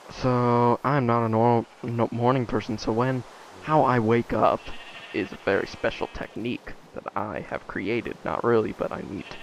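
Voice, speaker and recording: A teenage boy vlogs while gaming, chatting loosely, leaning on fillers and drifting off before finishing his thoughts. His mid-range voice is creaky. The rough recording carries a little hiss or hum.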